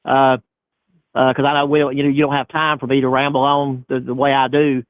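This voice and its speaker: A man's voice: mid-range voice, level tone, fairly quick, no echo. A man calling into a live chat, rambling and repeating himself. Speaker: caller. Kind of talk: phone call-in chat. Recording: dry tinny phone line.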